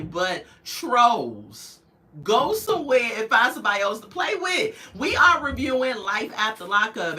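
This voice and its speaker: A young adult woman hosts a casual live review stream, chatting with viewers as they drop in and laughing easily. Her voice is bright and sharp, and her pitch jumps around with animated energy. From United States. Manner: chatty, greets viewers in the chat, laughs often. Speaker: host of a live reality-show review stream. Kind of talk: casual livestream commentary.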